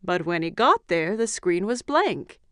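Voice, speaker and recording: Expressive woman narrating a preschool cartoon. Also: fairly low pitch, measured pace, no room sound, clean studio sound. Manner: clear, expressive, bright storytelling. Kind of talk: scripted storybook narration for preschoolers.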